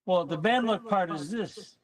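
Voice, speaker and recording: A man casually telling a story on a chat panel, animated and acting out what people said. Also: sits high, measured pace, distant mic, rough recording. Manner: animated storyteller, acts out quotes.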